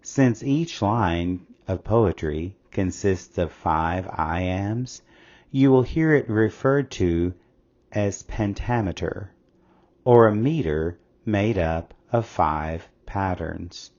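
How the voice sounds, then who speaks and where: Deep voiced guy reading a school lesson slow and steady, kinda dull lo-fi sound. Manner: slow, measured, explanatory. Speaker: narrator of an English lesson. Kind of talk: scripted educational narration. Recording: slightly dull lo-fi audio.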